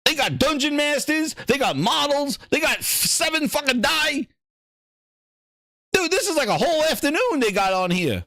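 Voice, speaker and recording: High-voiced, animated man mocking on air. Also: moderate pace, no echo, studio quality. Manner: profane, mocking, rambling riff. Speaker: gaming show host. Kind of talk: casual reaction commentary.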